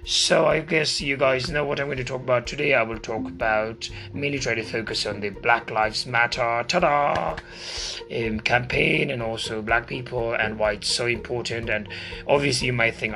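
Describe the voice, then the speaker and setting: A man's voice: medium pitch, steady tone, moderate pace, gravelly, bright, forceful tone. A man from Asia giving a casual, informal lecture as a video host, chatty and hesitant with many fillers and asides. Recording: music playing behind.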